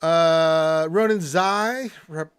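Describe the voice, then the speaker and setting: A man's voice: on the high side, extremely slow, smooth, dry recording, soft background music. An American man hosting a gaming live stream, chatting casually, joking, and reading viewer names aloud. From United States. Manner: joking, reads out chat names with playful put-on voices.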